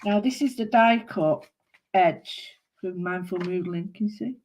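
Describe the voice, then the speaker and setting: A woman's voice: mid-range voice, measured pace, a little mellow, slight background noise. A woman chatting casually to viewers while she doodles, rambling and thinking aloud as she works. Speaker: craft vlogger.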